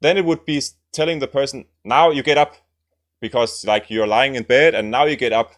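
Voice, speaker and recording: A man's voice: medium pitch, fairly quick. A man teaching language lessons, explaining grammar and repeating example sentences, often checking in with "right?".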